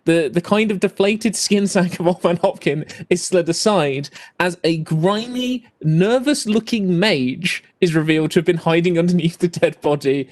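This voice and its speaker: A man's voice: high voice, moderate pace, few pauses. A man narrating a tabletop game as game master, hesitant with many fillers.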